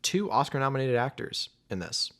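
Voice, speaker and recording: A man's voice: medium pitch, big pitch swings, moderate pace, a bit bright. A man co-hosting a casual movie podcast, making dry wisecracks. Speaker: podcast co-host.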